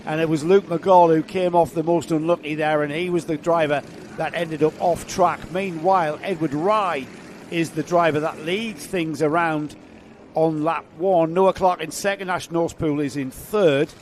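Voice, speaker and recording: A man's voice: on the high side, normal speed. Man, live race commentary, chatty, jokey, faint track noise. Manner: chatty, jokey, rising excitement on action.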